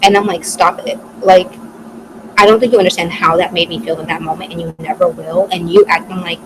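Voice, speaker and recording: A young woman podcast co-host telling a personal story in casual chat, quoting other people in a quick back-and-forth. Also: fairly low pitch, flat delivery. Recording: clear background noise.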